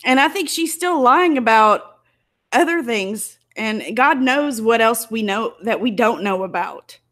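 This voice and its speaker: Tearful, indignant woman vlogger, fairly high voice. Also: lively intonation, a little slow, fairly bright tone. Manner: emotional, indignant, close to tears. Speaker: YouTuber. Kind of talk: angry commentary vlog.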